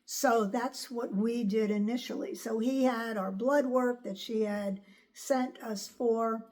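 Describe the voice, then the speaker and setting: Speaking slowly in a fairly high voice, an older American vlogger recounts something personal to her audience in a candid, chatty way. She gets animated when quoting others.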